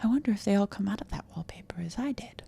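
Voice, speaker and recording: A woman reading a classic short story aloud, slipping between hushed whispers and sudden emphatic outbursts. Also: medium pitch, animated, quick pace, gravelly, slightly rough. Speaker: audiobook reader.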